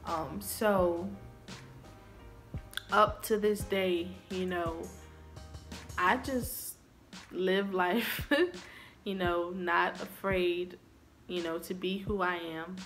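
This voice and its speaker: A woman's voice: on the low side, fairly even intonation, very slow, pauses often, fairly bright tone, faint music behind. A young woman vlogger telling a personal story to camera in an earnest, confessional way.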